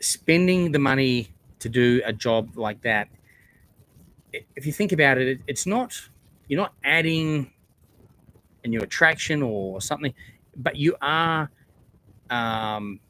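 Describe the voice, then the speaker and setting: A man's voice: mid-range voice, animated, measured pace, long pauses, fairly bright tone. A man hosting a casual livestream chat, talking earnestly in a rambling way with many fillers and restarts. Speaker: theme park YouTuber hosting a livestream.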